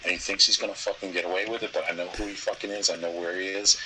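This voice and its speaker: A man's voice: low-pitched, fairly even intonation, rapid-fire, background noise. A man with a Boston accent telling a crude, rambling story as a podcast guest, profane and often laughing.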